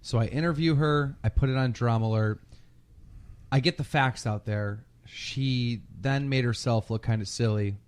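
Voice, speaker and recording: A man chatting casually on a podcast, telling a story with lots of swearing and loud mimicry of other people. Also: mid-range voice, moderate pace, clean tone. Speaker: podcast guest.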